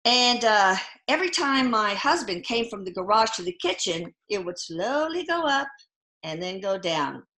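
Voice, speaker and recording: A middle-aged woman telling personal stories in a casual interview, halting often with fillers and restarts. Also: medium pitch, sing-song, sharp tone. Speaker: guest. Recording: echoey room.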